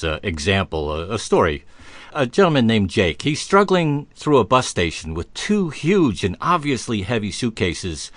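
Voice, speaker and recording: A man hosting a radio talk show, telling a long joke in a folksy, halting way with fillers. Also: fairly low pitch, fairly bright tone, dry recording.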